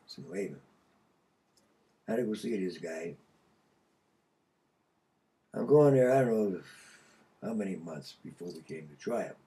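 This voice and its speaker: Older man, from Connecticut, profane, animated, laughs while talking, slightly distant mic. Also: low-pitched. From Connecticut, USA. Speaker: podcast guest. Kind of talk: casual storytelling.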